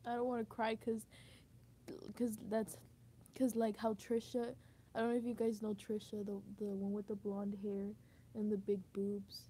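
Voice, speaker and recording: A woman's voice: mid-range voice, completely flat delivery, normal speed, mellow, a little hiss or hum. A young woman venting in a candid monologue, emotional and frustrated, swearing often and saying "like" a lot. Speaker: vlogger.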